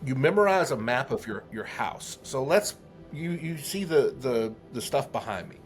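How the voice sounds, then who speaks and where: A man's voice: medium pitch, lively intonation, moderate pace, faint music behind. A man telling a heartfelt story as a podcast guest, earnest, with many restarts. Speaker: guest, memory trainer.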